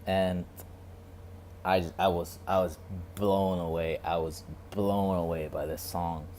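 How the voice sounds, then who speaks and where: A man vlogging a casual reflective monologue, talking quietly and rambling with many restarts and repeated words. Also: deep voice, level tone, takes it slowly, a little hiss or hum.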